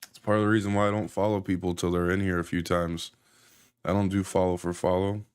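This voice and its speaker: A man casually chatting on a live stream while reviewing a grinder, loose and rambling, sounding high and a little out of breath. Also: level tone, fast talker, clear, resonant tone. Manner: laid-back, rambling, loose.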